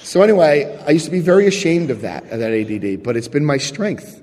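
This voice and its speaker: A man with a husky, slightly raised voice tells his recovery story to a live crowd. His pitch swings widely as he acts out scenes and quotes the people in them. He keeps checking in with his listeners, and his voice carries a long reverb from a large hall. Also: quick pace. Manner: animated storytelling, acting out scenes and quoting others; chatty, checks in with the audience. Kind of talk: personal testimony to a live audience.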